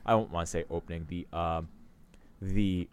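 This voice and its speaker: A man co-hosting a podcast in casual chat, agreeable and quick to back up his partner. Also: deep voice, fairly even intonation, smooth, no room sound. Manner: agreeable, short affirmations, chuckling. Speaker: podcast co-host.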